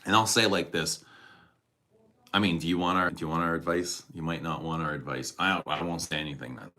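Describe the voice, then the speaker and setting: A man's voice: low voice, steady tone, a little fast, pushed and bright. A man hosting a casual livestream, rambling about his day and reading viewer comments, chuckling often and swearing freely. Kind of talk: casual live chat.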